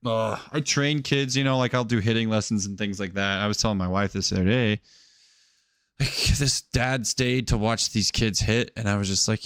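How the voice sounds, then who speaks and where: Podcast co-host, man in his thirties, lowish voice, rambling storyteller, dry close recording. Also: moderate pace, fairly bright tone, clear, resonant tone, no room sound. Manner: rambling, storytelling with acted quotes and frequent "like". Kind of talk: casual chat.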